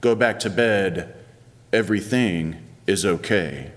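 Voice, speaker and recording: A man voicing a tired older priest who soothes a boy in low, calm tones. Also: normal speed, big-room sound, natural voice. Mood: soothing. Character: weary old priest, patient father figure.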